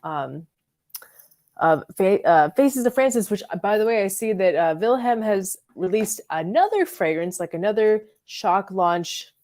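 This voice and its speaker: A woman from Florida hosts a casual fragrance livestream in a mid-range, slightly mellow voice, animated though a little slow. She chats loosely, reading and answering live comments, dropping "like" and "um" often.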